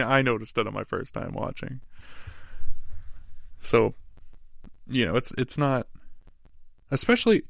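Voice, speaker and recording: A man's voice: mid-range voice, vocal fry, no echo. A young man casually reviewing a movie as a podcast host, rambling with restarts and frequent laughs.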